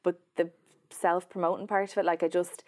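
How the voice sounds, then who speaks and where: A woman's voice: on the low side, level tone, a little fast, a little mellow. A woman, a journalist chatting as a guest, talking with lots of fillers and restarts. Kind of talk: casual interview chat.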